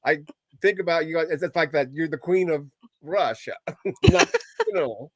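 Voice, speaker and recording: A man's voice: fairly high pitch, lively intonation, measured pace, no room sound. A man hosting a casual chat, teasing and laughing a lot. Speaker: host.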